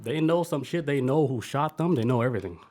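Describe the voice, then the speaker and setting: A man's voice: mid-range voice, expressive, quick pace, darkish tone. A man hosting a podcast in loose, profane, enthusiastic casual chat. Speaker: podcast host.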